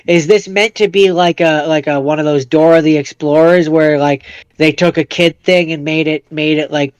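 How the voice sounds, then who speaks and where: A man's voice: fairly high pitch, clean tone, no echo. A man co-hosting a podcast, speculating aloud and repeating words as he thinks. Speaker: podcast co-host. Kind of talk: casual chat.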